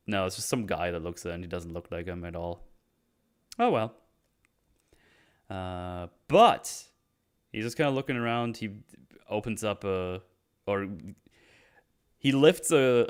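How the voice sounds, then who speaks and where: A man's voice: on the low side, clean tone. A man hosting a casual podcast chat, rambling as he recaps a film scene by scene. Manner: rambling, acts out quotes. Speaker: podcast host.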